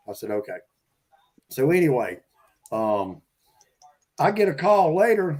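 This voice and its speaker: A man's voice: on the high side, sing-song, a little slow, pauses often, darkish tone. A man, a fishing guide, telling a chatty, rambling story in casual talk.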